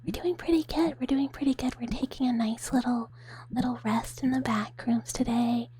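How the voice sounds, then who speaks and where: A woman streamer doing a whispered role-play, chatting softly with viewers in a breathy whisper and giggling often. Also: on the high side, fairly even intonation, normal speed. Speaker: ASMR streamer.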